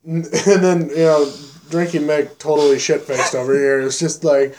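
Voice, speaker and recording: High-voiced young man telling a drunk story. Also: normal speed, hardly any pauses, slight background noise. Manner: animated, laughing, acting out drunk friends. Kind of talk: casual storytelling chat.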